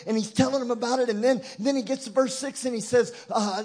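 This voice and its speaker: A man with a high, husky voice preaches a sermon to a church congregation. He drops to a near hush, then climbs to loud, shouted peaks, and mixes in light humor along the way. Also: fairly even intonation, quick pace, few pauses. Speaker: guest preacher.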